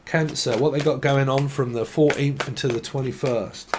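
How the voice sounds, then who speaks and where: A man's voice: medium pitch, fairly even intonation, moderate pace, noisy background. A man giving a casual, rambling tarot reading, swearing and laughing between tangents. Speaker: tarot reader.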